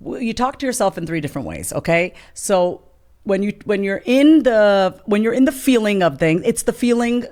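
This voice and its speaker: A woman's voice: mid-range voice, animated, moderate pace, a little mellow. A woman in her thirties, a guest author talking candidly in a conversational interview and acting out her inner voices.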